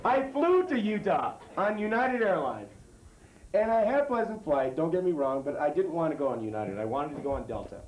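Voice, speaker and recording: Animated stand-up man, high lively voice. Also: a little fast. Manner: animated, profane, swings from high yelps to low mutters. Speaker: stand-up comedian. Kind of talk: stand-up routine. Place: comedy club stage before live audience. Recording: echoey club with crowd laughter. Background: audience laughter.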